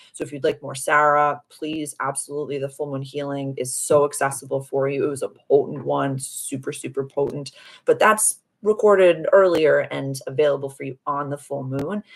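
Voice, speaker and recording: A woman hosting a casual live stream as a spiritual healer, gushing and affirming as she answers viewer comments. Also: low-pitched. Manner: soothing, affirming.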